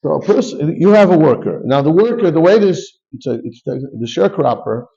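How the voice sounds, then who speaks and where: A man teaches a Talmud class in a gravelly, mellow voice. He reads Aramaic lines and explains each in English, often starting over mid-phrase. The recording sounds dull and lo-fi. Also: on the high side, sing-song, a little fast. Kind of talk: Talmud class, reading and translating.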